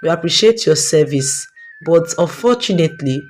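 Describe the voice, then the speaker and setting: A woman's voice: deep voice, animated, moderate pace, darkish tone, a little hiss or hum. A woman voicing a stressed father. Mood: solemn. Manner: weary, pleading, exasperated. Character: stressed middle-aged rich husband, now broke.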